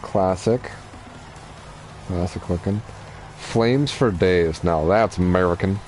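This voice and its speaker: Low-voiced, unhurried young man streaming. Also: slight background noise. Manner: relaxed, chatty, explaining racing strategy. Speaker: game streamer. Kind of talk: casual gameplay commentary.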